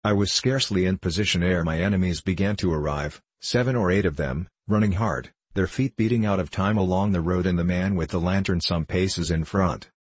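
Low husky male narrator. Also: fairly quick, hardly any pauses, no room sound. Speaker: audiobook narrator. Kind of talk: storybook reading.

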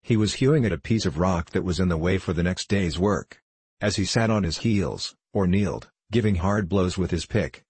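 A man narrating an audiobook novel in a measured, even reading. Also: deep voice, breathy edge, no echo. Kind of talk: scripted narration.

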